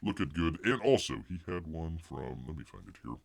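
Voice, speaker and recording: Gravelly, animated male livestream host. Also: a bass voice, normal speed, slight background noise. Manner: rambling, refers to himself in third person; jokey asides and silly voices. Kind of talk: casual livestream chat.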